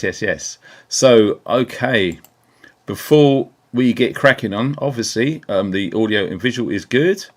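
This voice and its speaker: Chatty upbeat man hosting a livestream. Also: fairly low pitch. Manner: chatty, upbeat, reads out viewer names with many ums. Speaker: livestream host. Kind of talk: casual live-stream chat. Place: indoors at a computer. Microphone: small desk mic on keyboard.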